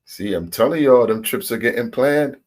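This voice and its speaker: An American man co-hosting a casual reaction chat, laughing often and telling animated stories. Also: mid-range voice, moderate pace. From United States. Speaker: co-host.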